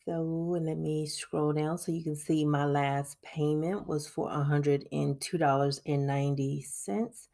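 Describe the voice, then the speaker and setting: A woman's voice: low voice, darkish tone. A woman, chatting casually to viewers while walking through her monthly budget. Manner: chatty, addresses viewers as y'all, laughs often. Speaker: budgeting vlogger. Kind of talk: casual screen-recorded budget walkthrough.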